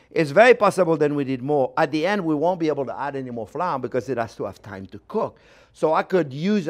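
A man with a French accent hosting a cooking show, teaching a recipe in a chatty, animated way with playful exclamations. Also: fairly high pitch. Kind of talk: casual cooking demonstration.

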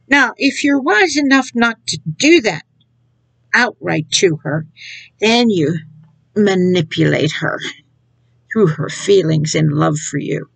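A woman gives an informal sermon to an online audience in a mocking tone, laughing at what she describes and scornfully acting out other people's words. Her medium-pitched voice is husky with vocal fry, lively intonation and a measured pace. The recording is dry and rough.

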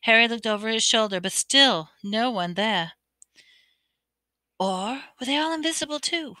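A woman's voice: a little high, lively intonation, unhurried, bright, forceful tone, dry recording. A woman narrating a novel chapter aloud, reading expressively with occasional stumbles. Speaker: audiobook reader. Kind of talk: amateur audiobook narration.

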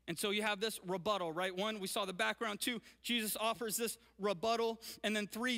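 A male pastor preaching a sermon and reading scripture, energetic and often checking in with his listeners. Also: very high-pitched. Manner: energetic, keeps checking in with "right?". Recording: long reverb of a large hall.

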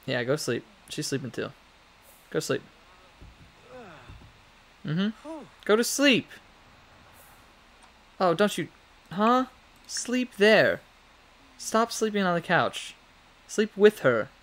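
A man's voice: high-pitched, big pitch swings, takes it slowly, pauses often, a bit bright. A man giving casual, chatty commentary on his own gameplay, talking to the game characters and laughing often. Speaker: let's play gamer.

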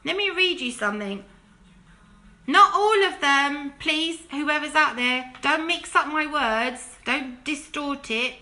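Bright, forceful preachy woman. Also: animated, takes it slowly. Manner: emphatic, preachy, full of rhetorical questions; drops to a hushed, low plea when urging repentance. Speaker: Christian video commentator. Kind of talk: impassioned direct-to-camera monologue.

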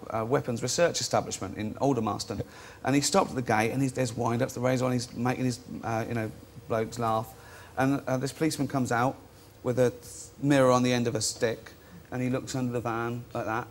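A man's voice: mid-range voice, moderate pace, hardly any pauses, slight background noise. An older man, a comedian guest rambling through funny family stories with laughter on a chat show. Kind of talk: comic anecdote on a chat show.

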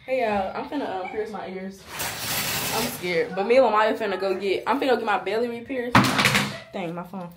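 A laid-back young woman in her early twenties chats to her camera, slangy and easygoing. Her voice sits at a middle pitch, recorded close on a phone with a faint hiss behind it. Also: brisk. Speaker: vlogger. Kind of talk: casual vlog talk to camera.

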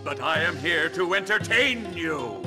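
A man's voice: fairly high pitch, sing-song, a little slow. An actor playing a smug, sarcastic male nightclub magician in a video game cutscene, with showy stage patter. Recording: game audio with music under it.

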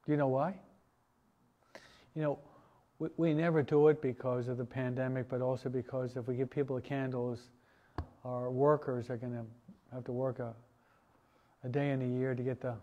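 A man, a priest, teaching a parish catechesis class in a relaxed, conversational way, asking his listeners questions. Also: mid-range voice, normal speed, pauses often, lo-fi sound. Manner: conversational, asks the audience questions, many restarts and asides. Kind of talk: informal parish teaching talk.

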